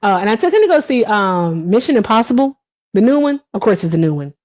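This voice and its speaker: A woman in her thirties hosts a casual live stream, chatting straight to her viewers and answering their comments. Her pitch swings widely and her delivery stays loose and talkative, full of fillers. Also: very animated, fast talker, a little mellow.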